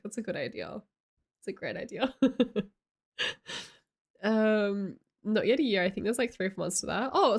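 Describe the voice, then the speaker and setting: Animated, chatty woman livestreamer. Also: mid-range voice. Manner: chatty, reads chat aloud, giggly animated storytelling. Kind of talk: casual livestream chat.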